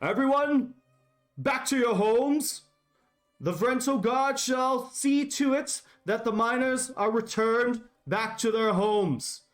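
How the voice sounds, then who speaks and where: A man voicing a big, burly human guard captain who shouts orders at a crowd in a tabletop game. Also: lively intonation, slow, faint music behind. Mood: commanding. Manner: booming orders.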